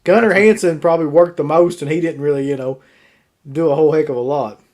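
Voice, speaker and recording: A man with a slightly high voice talks horror films in a loose, opinionated way, tossing in casual swearing. He keeps an easygoing pace and chimes in often with short agreements. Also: quick pace, a little mellow. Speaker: co-host of a horror movie show. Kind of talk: casual chat reviewing a ranked list.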